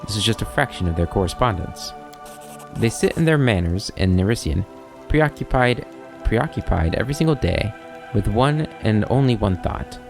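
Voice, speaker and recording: A man's voice: lowish voice, lively intonation, moderate pace, vocal fry, over music. A man voicing a sly, talkative male kobold schemer with a wry, rambling, mock-innocent manner.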